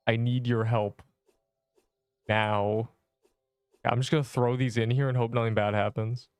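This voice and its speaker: A young male streamer talks casually over his game, slangy and jokey, sometimes yelling in mock panic. His voice is smooth and close, in a dry room with faint game music underneath. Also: medium pitch, flat delivery, measured pace, pauses often, no room sound. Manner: joking, mock-dramatic outbursts, slangy. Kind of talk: casual livestream chat while gaming.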